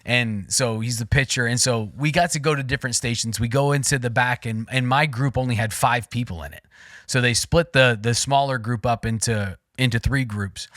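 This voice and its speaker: Man, forties, podcast co-host, bright forceful tone, mid pitch, rambling excited storytelling, dry close sound. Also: normal speed, no room sound. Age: 40s. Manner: rambling, excitable, lots of fillers and restarts. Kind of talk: casual storytelling chat.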